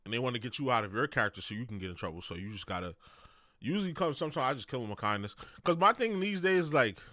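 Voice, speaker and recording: A man's voice: mid-range voice, expressive, racing, pushed and bright, no room sound, studio quality. A man in casual chat on a gaming stream, explaining his view earnestly in street slang.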